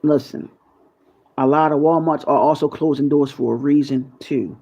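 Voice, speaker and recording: A man's voice: on the high side, steady tone, moderate pace, dark tone. Man, casual rambling monologue, conspiratorial, curses freely, dull lo-fi recording. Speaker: YouTube channel host. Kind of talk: casual freestyle monologue to viewers.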